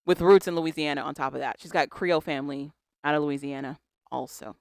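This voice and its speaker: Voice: mid-range voice, a little fast, creaky, dry recording, studio quality. A podcast co-host in casual pop-culture chat, reading a celebrity statement aloud and adding wry asides.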